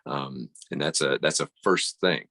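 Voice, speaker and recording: A man's voice: a bass voice, unhurried, sharp tone, no echo. A man talking as a podcast guest and coach, reflective, explaining through analogies with frequent restarts. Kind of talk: casual conversation.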